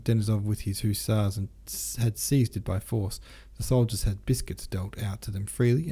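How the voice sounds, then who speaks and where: Low, mellow male audiobook narrator. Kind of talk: audiobook reading of a classic novel.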